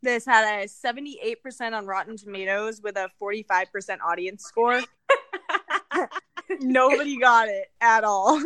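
A woman's voice: on the high side, expressive, unhurried, fairly bright tone, no echo. A young woman hosting a podcast in casual chat, laughing often and swearing casually. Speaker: podcast host.

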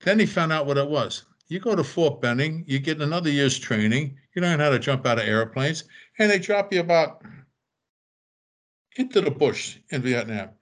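A man's voice: a little high, moderate pace. An older man telling casual anecdotes, acting out the voices of the people in them. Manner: animated, acts out quoted voices. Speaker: storyteller guest.

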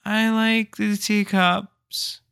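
A man's voice: high-pitched, level tone, drawn-out words, vocal fry, a bit bright, clear, resonant tone, pitched above the performer's own voice, exaggerated voice. A man voicing a timid, sheepish ten-year-old boy who talks meekly and hesitantly. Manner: meek, hesitant.

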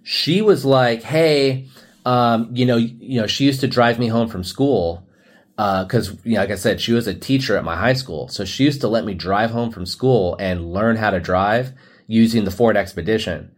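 A man's voice: fairly low pitch, moderate pace. A young man from who hosts a podcast, telling a personal story in a casual, rambling way, full of restarts and "like" fillers. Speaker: podcast host.

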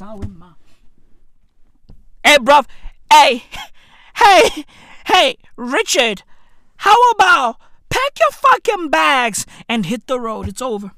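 A high, bright-voiced woman rattles off profane comedic reaction commentary, her pitch swinging wildly as she repeats lines for effect. She talks in an unhurried, drawn-out way. The sound is close and dry. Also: no echo. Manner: excitable, swearing, repeating phrases for effect.

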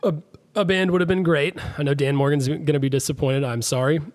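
A man's voice: a little high, a little mellow. Rambling young man on a podcast. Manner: rambling, self-deprecating, quick asides. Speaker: podcast guest, groom. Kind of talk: casual podcast chat.

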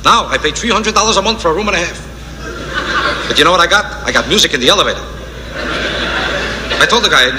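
A male stand-up comedian doing a live routine in fast, complaining, deadpan bits. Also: high-pitched. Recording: echoey hall with noise.

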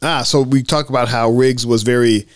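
A man's voice: medium pitch, steady tone, moderate pace, smooth, no room sound, studio quality. A man hosting a casual film commentary podcast, acting out movie quotes with laughs. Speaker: podcast host.

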